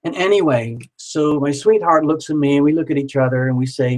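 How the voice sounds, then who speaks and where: Man, casual storyteller, rambling, repeats phrases, light swearing, slightly high voice. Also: brisk, a little mellow, rough recording.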